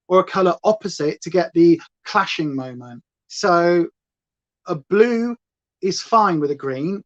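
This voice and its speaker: A woman hosting a chatty makeup livestream, rambling playfully and reading chat aloud. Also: on the low side. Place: at home. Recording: slightly dull lo-fi sound.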